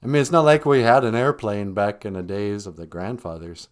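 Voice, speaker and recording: A man's voice: on the low side, fairly quick. A man hosting a casual livestream chat, rambling through dry joking asides. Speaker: show host, cartoonist.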